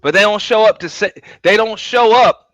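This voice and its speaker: A man's voice: high-pitched, moderate pace, a bit bright, no room sound, soft background music. A man hosting a show, giving a blunt, profane, emphatic rant in casual talk. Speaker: host. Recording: dull lo-fi, dry sound.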